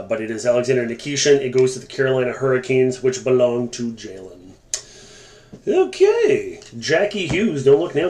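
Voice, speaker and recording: A man hosting a live sports card break, calling out cards and joking with viewers in the chat. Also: medium pitch. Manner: chatty, joking asides to viewers. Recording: echoey room with faint noise.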